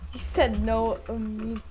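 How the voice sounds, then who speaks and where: A streamer giving excited live commentary while playing a game with viewers, breaking into hyped shouts and chants. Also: mid-range voice, breathy edge. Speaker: livestreaming gamer playing with viewers.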